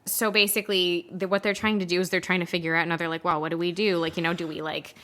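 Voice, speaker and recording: A woman co-hosting a casual chat, talking fast and loose, swearing and acting out characters. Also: lowish voice, level tone, sharp tone. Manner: chatty, swears, acts out characters in quick asides. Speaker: podcast co-host.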